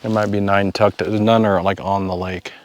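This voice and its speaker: Man vlogging outdoors, low-voiced. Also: little pitch movement, normal speed, dry recording. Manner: joking, talks to himself while exploring. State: out of breath at altitude. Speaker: travel vlogger. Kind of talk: casual outdoor vlog narration. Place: outdoors by a mountain lake and in a vehicle.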